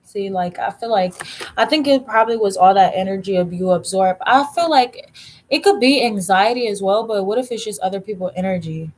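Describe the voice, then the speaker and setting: A woman tarot reader chats casually on a livestream, telling a story as a blunt, profane rant and slowing down to stress her points. Her pitch is medium, and there's slight background noise.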